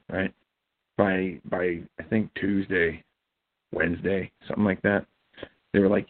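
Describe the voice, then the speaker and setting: A man's voice: low voice, measured pace, gravelly, long pauses, no room sound. A man from Ohio hosting a casual internet radio show, rambling and hesitant with many fillers. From Ohio, USA. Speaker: host. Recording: dry tinny phone-line audio.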